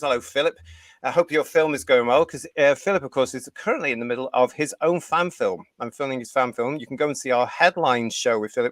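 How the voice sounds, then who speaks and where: A man's voice: medium pitch, no room sound. A man from the United Kingdom hosting a live fan review show, reading viewer comments and ranting with strong opinions.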